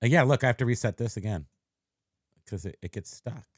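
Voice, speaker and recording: A man's voice: medium pitch, lively intonation, fairly quick, no echo, studio quality. A man hosting a podcast in casual chat, rambling and joking as he goes. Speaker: podcast host.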